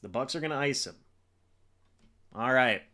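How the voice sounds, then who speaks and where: A man hosting a live football reaction stream for his chat, excitable and swinging between loud disbelief and deflated muttering. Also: medium pitch, moderate pace. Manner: talks to chat. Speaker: fan livestream host. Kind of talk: live game reaction commentary.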